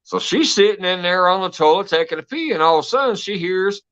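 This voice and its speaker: A man's voice: sits high, expressive, a little fast, a bit bright. A man hosting a casual live stream, telling stories with lots of laughter and swearing. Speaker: host. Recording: dull lo-fi stream audio.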